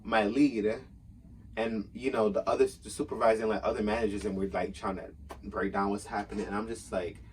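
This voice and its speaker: A man casually telling a workplace story, acting out quotes in a raised, animated voice. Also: fairly low pitch, a little fast, recorded from a distance, a little hiss or hum.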